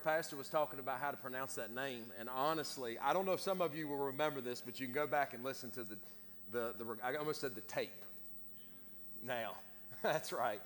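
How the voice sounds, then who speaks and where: A middle-aged man, preaching a sermon with casual, self-deprecating asides to his congregation. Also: fairly high pitch. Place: church sanctuary. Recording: long church reverb.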